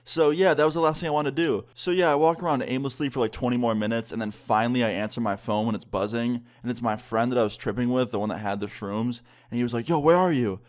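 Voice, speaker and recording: Young guy vlogging, rambly storytime, says like a lot, mid pitch. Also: quick pace, few pauses. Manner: animated, rambling, heavy use of "like". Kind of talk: casual storytelling.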